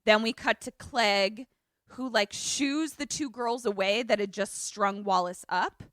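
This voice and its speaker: She speaks at a measured pace with a medium pitch, co-hosting a podcast where she casually retells a film and performs the characters' lines with animation. It's a dry, studio-quality recording.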